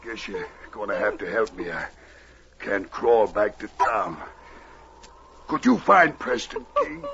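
An actor playing a big, gruff but shy male trapper who bellows when angry and turns gentle with his dog, in 1940s radio acting. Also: on the low side, wildly swooping pitch, a little slow, a little hiss or hum, full character voice. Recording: dull old radio broadcast.

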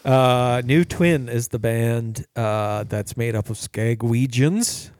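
A man's voice: medium pitch, slow pace, a little mellow, no room sound, studio quality. A man co-hosting a radio show in casual chat, hesitant, with many uhs and short agreeing replies.

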